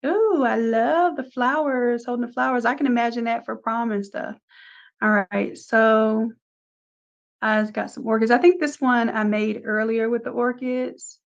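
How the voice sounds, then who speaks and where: A woman's voice: a little high, steady tone, moderate pace, gravelly, lo-fi sound. A woman instructor talking casually through each step of a live screen-share design tutorial, chatting with her class as she works.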